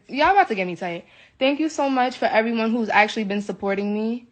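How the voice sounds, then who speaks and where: An expressive medium-pitched voice, fairly quick, comes from an American woman livestreaming in a hotel room. She's ranting indignantly into her phone, visibly agitated and saying the same things over in this emotional live video.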